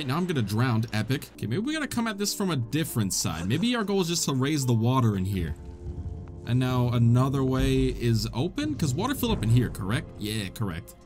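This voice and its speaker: A man narrates his gameplay in a wisecracking let's-play style, laughing often. His voice swings high and low with lively pitch. Soft game music plays underneath. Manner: jokey, wisecracking, laughs a lot. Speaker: gaming channel host.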